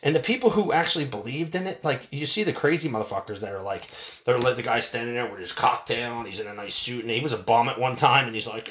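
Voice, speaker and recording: A man's voice: medium pitch, fast talker, fairly bright tone. A middle-aged man ranting heatedly and profanely into a desk mic at home. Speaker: podcaster. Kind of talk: ranting monologue. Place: home room, window open.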